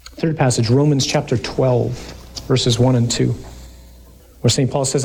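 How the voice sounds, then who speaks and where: This man preaches a sermon, reading scripture aloud and unpacking it with emphasis and jokes aimed at his listeners. He's animated and emphatic, with a medium-pitched voice, a slightly slow pace, and a breathy edge.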